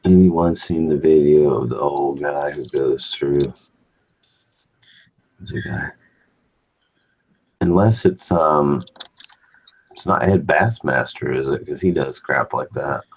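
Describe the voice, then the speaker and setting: A man's voice: rumbling low, slow pace, long pauses, slightly rough, lo-fi sound. A man hosting a live morning stream, chatting casually and joking with a laid-back manner. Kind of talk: casual chat.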